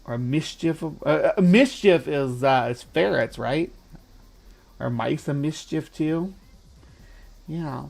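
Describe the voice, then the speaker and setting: A man's voice: on the high side, takes it slowly, gravelly, long pauses, a little mellow, soft background music. A man hosting a casual livestream, chatty and playful, often laughing. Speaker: livestream host.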